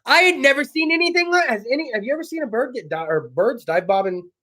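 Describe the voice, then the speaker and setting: A man hosting a casual internet talk show, telling stories in a slangy, profane, animated way with sudden whoops. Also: very high-pitched, fast. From California.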